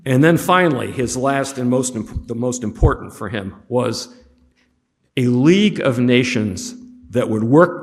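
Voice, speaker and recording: A man giving a history lecture in a room with a long, ringing reverb. His voice sits at an ordinary middle pitch. He talks casually and drops joking asides between points. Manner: conversational with humorous asides. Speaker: history teacher. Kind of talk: classroom lecture with slides.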